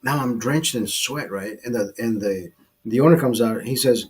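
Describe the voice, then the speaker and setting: Husky man telling a profane story. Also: mid-range voice, moderate pace. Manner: profane, animated anecdote with acted quotes. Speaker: podcast host telling a story. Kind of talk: casual storytelling chat.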